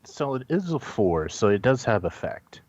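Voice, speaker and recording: A man narrating a tabletop game as game master in a measured, descriptive way. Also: medium pitch, big pitch swings, highs cut off, crowd noise.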